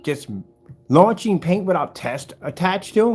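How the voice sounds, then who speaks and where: Brief: husky man, lively pitch, fiery product demo indoors, faint music behind. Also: measured pace. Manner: combative, animated, talks straight to critics. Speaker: seller demonstrating projector screen paint. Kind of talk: product demonstration rant.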